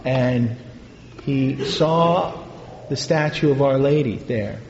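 A man, a priest, telling a story in a sermon, in an unhurried, halting way with pauses and fillers. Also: mid-range voice, a little mellow, slight background noise. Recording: echoey hall, dull lo-fi sound.

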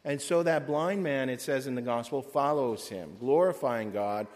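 A man's voice: mid-range voice, darkish tone. Solemn man reading in a reverberant church. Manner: solemn measured cadence. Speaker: priest. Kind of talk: liturgical reading and sermon.

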